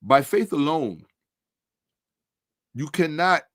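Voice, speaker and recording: A man's voice: fairly high pitch, lively intonation, takes it slowly, a bit bright, dry recording, clean studio sound. A man in a combative commentary monologue, sarcastic and repeating his points for emphasis, dropping to a mutter while he checks his screen.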